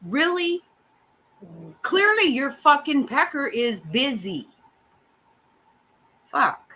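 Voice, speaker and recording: A woman's voice: sits high, sing-song, takes it slowly, sharp tone, rough recording. A middle-aged woman hosting a casual chat, ranting bluntly and swearing often. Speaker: host.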